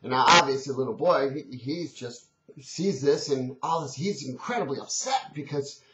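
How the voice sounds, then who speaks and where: A man's voice: medium pitch, lively intonation, normal speed, bright, forceful tone. A man giving an earnest, conversational motivational talk, telling a story and urging change. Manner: earnest and conversational, many restarts. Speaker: motivational speaker. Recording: dull, echoey old recording.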